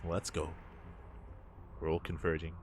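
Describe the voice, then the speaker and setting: A man's voice: a bass voice, monotone, a little slow, slight background noise. An Australian man casting a live esports match, chatty and loose, laughing often between play-by-play. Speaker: esports caster.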